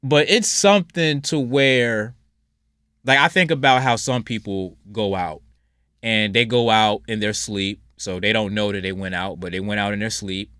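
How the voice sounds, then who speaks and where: A man hosting a solo podcast in a casual, blunt and rambling way, moving between loud outbursts and low mutters. His voice has a forceful, bright tone. The recording is close and dry, with no room echo. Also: steady tone, normal speed, clean tone. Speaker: podcast host.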